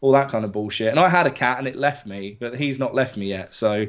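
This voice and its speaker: A man's voice: medium pitch, a little fast. Sweary man on a lo-fi podcast. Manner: sweary, animated and emotional about his dog. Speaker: podcast co-host. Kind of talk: casual chat. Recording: dull lo-fi podcast audio.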